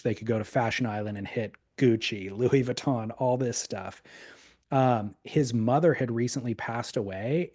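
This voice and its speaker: Man, podcast co-host, casual storytelling, average pitch. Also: darkish tone. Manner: storytelling, with fillers and restarts. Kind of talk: casual chat.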